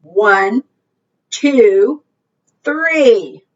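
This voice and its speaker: A woman voicing a calm, fearless mother frog in a storybook, speaking firmly and counting aloud. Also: a little high, drawn-out words. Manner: firm and unafraid, counting out loud. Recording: dull distant recording.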